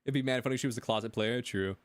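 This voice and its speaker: A man's voice: medium pitch, very fast, smooth, no echo. A male streamer telling a rambling story in casual chat, stammering and repeating himself as he goes.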